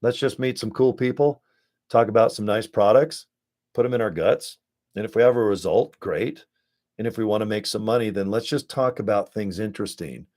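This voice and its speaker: An American man giving a casual, rambling pitch to viewers from his home desk, talking through a webcam with chummy asides. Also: moderate pace. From United States. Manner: rambling, chummy, animated asides with acted quotes. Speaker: network marketing promoter. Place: home desk setup with screens and ring light.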